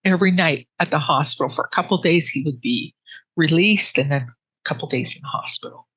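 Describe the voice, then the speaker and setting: A woman telling her personal grief story in an interview, with earnest, halting speech full of restarts that sits close to tears. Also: deep voice, breathy edge, no room sound, poor audio. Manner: soft and emotional, close to tears.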